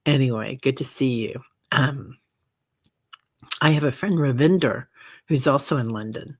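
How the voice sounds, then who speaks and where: Gentle woman host, soft fillers. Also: very deep voice, unhurried, long pauses, dry recording, clean studio sound. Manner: gentle, soothing, many fillers and soft asides. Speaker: meditation group host. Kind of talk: casual livestream chat reading viewer comments.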